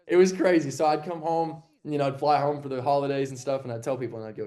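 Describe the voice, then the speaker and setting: A young man from Texas sits in as a podcast guest, telling long stories in easy casual talk. He gets animated and jumps up in pitch whenever he acts out what others said, then drops back to a relaxed, mid-pitched voice. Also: fast, hardly any pauses. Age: young adult. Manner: animated storyteller, acts out quotes with a jump in pitch. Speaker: guest, TV sports anchor. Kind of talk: casual interview chat.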